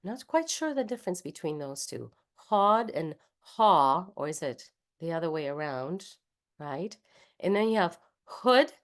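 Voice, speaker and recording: A woman with a Spanish accent, speaking in a slightly low voice. She leads an online voice workshop over a video call. She explains each point patiently and sounds the consonants and vowels out loud as she goes. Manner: explains patiently, demonstrating speech sounds aloud. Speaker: voice workshop leader.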